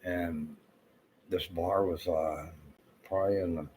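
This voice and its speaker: A man's voice: sits low, fairly even intonation, takes it slowly, darkish tone, slight background noise, low-quality recording. A man in his fifties with a Southern US accent, telling rambling, profane stories with lots of fillers. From Florida. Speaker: vlogger. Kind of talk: casual rambling storytelling.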